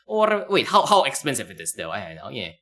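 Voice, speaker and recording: A man's voice: medium pitch, huge pitch swings, fast, pushed and bright. A man streaming live, reacting to a video in a loose, rambling way with many fillers. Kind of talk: casual live-stream commentary.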